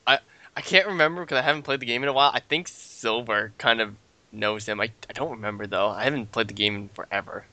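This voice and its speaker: A man's voice: medium pitch, fast talker, pushed and bright, dry recording. A young man co-hosting a casual chat, rambling and restarting his sentences. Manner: rambling, restarts sentences, mocking voices for game characters. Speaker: podcast co-host.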